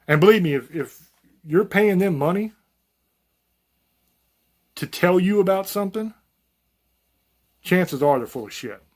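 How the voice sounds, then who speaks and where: Man, channel host, slightly high voice, blunt folksy rant with swearing, unscripted. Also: lively intonation, a little slow, pauses often. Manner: blunt, profane, folksy, rambling. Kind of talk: unscripted monologue to camera.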